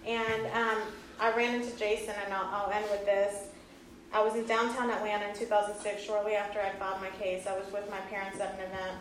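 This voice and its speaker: A woman's voice: mid-range voice, flat delivery, fairly quick, slight background noise. A woman in her thirties, earnest and often laughing, telling a personal story to an audience. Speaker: speaker giving a talk. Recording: echoey hall from far off.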